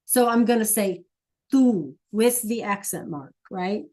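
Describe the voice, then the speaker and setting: A woman's voice: mid-range voice, expressive, unhurried, a little mellow. A woman teaching an online Spanish class, patient and coaxing, asking students question after question over a computer mic.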